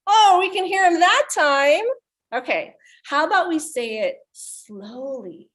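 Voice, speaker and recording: A woman's voice: high-pitched, lively intonation, slow pace, a bit bright. A young woman, a youth librarian, hosting a virtual children's story time in an upbeat manner, speaking to young kids over a computer mic.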